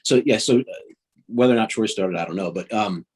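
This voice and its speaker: Husky-voiced man, halting and self-correcting. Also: fairly low pitch, darkish tone. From northern United States. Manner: halting, many restarts and laughs. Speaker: voice actor guest. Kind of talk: casual podcast interview.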